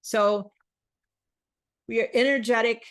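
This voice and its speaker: A woman's voice: on the high side, steady tone, slow pace, clean tone. A woman hosting a spiritual wellness talk, chatting casually, repeating phrases and acting out quoted self-talk.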